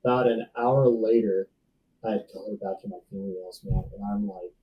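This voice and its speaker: A man's voice: fairly low pitch, fairly even intonation, moderate pace, distant mic, highs cut off, slight background noise. A man in his thirties, a podcast guest, telling a personal story in a laid-back, slangy way full of dude and bro. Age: 30s. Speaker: podcast guest, safety professional.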